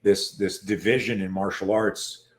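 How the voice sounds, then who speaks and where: A man being interviewed as a self-defense coach, telling stories in a lively casual way and acting out what people said. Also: on the low side, a little slow. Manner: animated storyteller who acts out quoted voices; frequent fillers and restarts.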